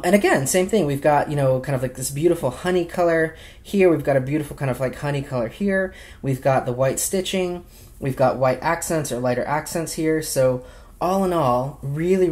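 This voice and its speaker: Gushing over his watch and accessories, this young man keeps his show-and-tell vlog loose and full of filler words. He speaks in a mid-range, slightly mellow voice.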